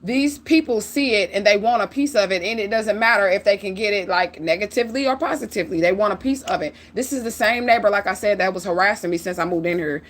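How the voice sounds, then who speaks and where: A middle-aged woman tells a story on her livestream. She talks in a casual, animated and profane way and speaks straight to her viewers. Her voice sits at an ordinary pitch for a woman. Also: fast, hardly any pauses. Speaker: livestream host.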